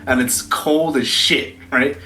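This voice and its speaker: A young man co-hosting a podcast, chatting casually and excitedly and swearing freely. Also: medium pitch, slow, roomy sound, rough recording. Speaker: podcast co-host. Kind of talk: casual chat.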